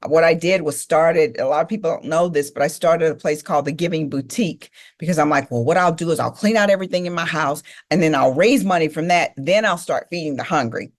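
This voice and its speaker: A woman's voice: low voice, brisk, hardly any pauses. A middle-aged woman giving a motivational speech, telling her life story emphatically and speaking straight to the audience. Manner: emphatic, repeats key phrases, addresses audience directly.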